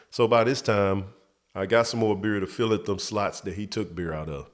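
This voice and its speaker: Lively low-voiced man telling a story. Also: moderate pace. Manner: animated, jumps up high when quoting others. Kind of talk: casual storytelling.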